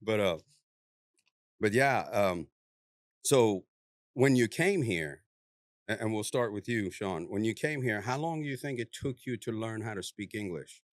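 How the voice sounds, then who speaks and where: A man's voice: on the low side, unhurried, long pauses, no room sound. Joking male podcast host, dry studio. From Iran. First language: Farsi. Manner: laughs often, relaxed and joking, peppers talk with "you know what I'm saying". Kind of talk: casual podcast conversation.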